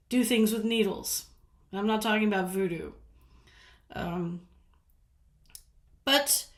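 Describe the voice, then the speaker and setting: Southern-raised woman vlogger, mid-pitched, chatty and giggly, with a roomy echo around her. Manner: chatty, rambling, laughs often. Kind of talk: casual storytelling.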